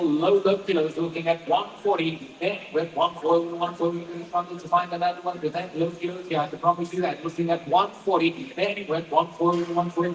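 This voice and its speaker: A man calling bids as an auctioneer in a fast, repetitive chant. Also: high-pitched. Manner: rapid repetitive bid calling. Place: auction hall. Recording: echoey hall from far off.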